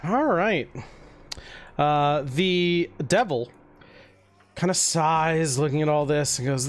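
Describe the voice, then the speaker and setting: A man running a tabletop game as dungeon master, narrating slowly with lots of fillers. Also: fairly high pitch. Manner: slow, hesitant narration with fillers.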